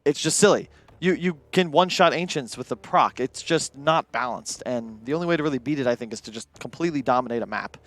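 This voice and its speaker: A man's voice: mid-range voice, lively intonation, fast. A man on an esports panel, giving casual, opinionated draft analysis. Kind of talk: panel discussion.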